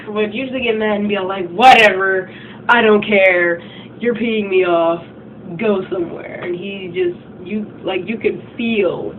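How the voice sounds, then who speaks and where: A woman's voice: mid-range voice, creaky. Woman vlogger, casual emphatic rant, tinny phone-like sound with faint background noise. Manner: chatty and emphatic, acts out quotes. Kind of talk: casual rant retelling a game story. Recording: tinny phone-like mic from a distance.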